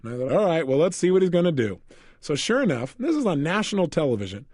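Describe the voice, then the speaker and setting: Man, self-help coach, animated storyteller, dry close recording. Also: fairly high pitch, fast talker, no echo. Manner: animated storytelling, laughing often. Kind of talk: recorded motivational lecture.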